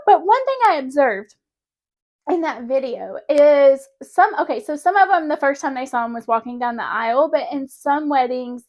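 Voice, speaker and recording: A young woman vlogger telling a personal story in a chatty, animated way, often laughing mid-sentence. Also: on the high side. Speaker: spiritual vlogger. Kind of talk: casual personal storytelling to camera.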